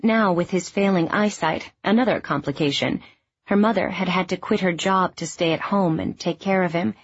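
A woman reading a novel aloud in scripted narration, even and measured. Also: fairly low pitch, slightly rough, no room sound, dull audio. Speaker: audiobook narrator.

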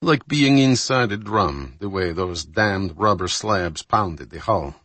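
A man reading as a seasoned submarine captain who speaks in a gruff, matter-of-fact way. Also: low voice, lively intonation, slow, fairly bright tone, dry recording, heavily acted. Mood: grim.

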